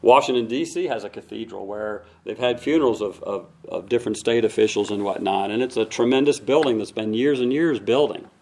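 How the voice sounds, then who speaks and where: A man's voice: on the low side, fairly quick, few pauses, darkish tone. A man preaching a conversational sermon to his congregation, acting out voices now and then. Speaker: pastor.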